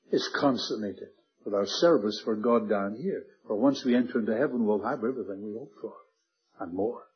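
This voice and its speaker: A man preaching a Bible sermon earnestly, slowing and dropping his voice on key words. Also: medium pitch, breathy edge, lo-fi sound. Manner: earnest, emphatic, slows and drops to a hush on key words.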